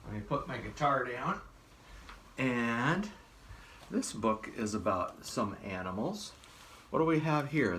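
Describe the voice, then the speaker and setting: A man's voice: mid-range voice, a bit bright. A man hosting a library storytime, talking cheerfully and directly to young children. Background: acoustic guitar playing.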